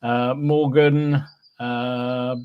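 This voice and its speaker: A man's voice: medium pitch, little pitch movement, extremely slow, clean tone, no room sound, muffled recording. A man hosting a live podcast, chatting easily and greeting listeners one by one, with lots of fillers and little hums. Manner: chatty and easygoing, with many fillers and humming. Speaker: podcast host. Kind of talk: casual live-stream chat, reading out viewer names.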